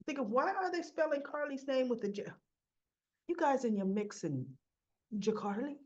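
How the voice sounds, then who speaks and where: A woman casually recapping a soap opera episode, acting out the characters' lines, with a cough and frequent throat clearing. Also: sits high, lively intonation, moderate pace, darkish tone, lo-fi sound. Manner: chatty, acts out characters' lines in quotes.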